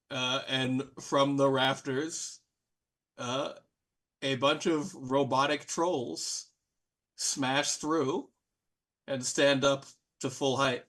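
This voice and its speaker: A man narrating a tabletop game as game master, casual and animated, with many fillers. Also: medium pitch, drawn-out words.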